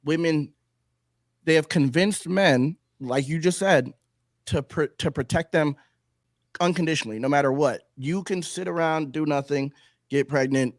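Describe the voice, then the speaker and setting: A man's voice: fairly high pitch, dry recording, studio quality. A man guesting on a podcast, chatting casually and telling stories animatedly, often agreeing with short "yep"s. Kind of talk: casual chat.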